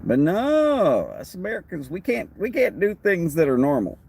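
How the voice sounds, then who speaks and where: Texan man, casual live chat, rambling, answers comments, lively up-and-down pitch. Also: normal speed, creaky, slightly rough. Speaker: livestream host.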